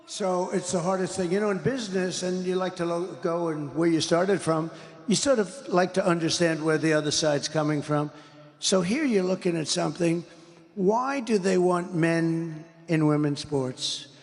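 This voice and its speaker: A man's voice: high voice, steady tone, normal speed, in a large hall. An older man giving an interview, talking in an emphatic, repetitive, rambling way. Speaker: interview guest. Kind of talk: interview conversation.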